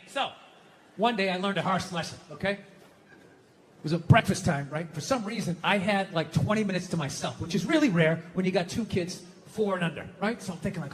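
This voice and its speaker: A middle-aged man doing a stand-up routine, with loud, profane ranting and sudden shouts. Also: sits high, a little hiss or hum. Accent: Boston. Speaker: stand-up comedian. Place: live comedy venue with audience laughter.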